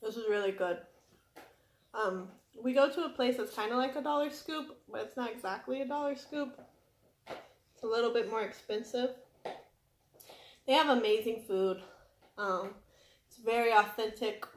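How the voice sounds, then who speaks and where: In a room at home, a young woman vlogger eats on camera, chatting casually and apologizing as she talks between bites. Her voice is fairly high and moderately paced, broken by long pauses, and it sounds reverberant.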